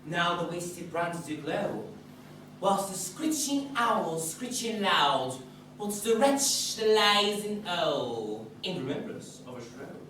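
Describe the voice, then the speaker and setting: A woman playing the mischievous fairy Puck, speaking Shakespeare verse slowly in a lively sing-song on a live stage. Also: fairly low pitch. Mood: playful. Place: theatre stage, audience filming. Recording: echoey hall, mic far off, noisy.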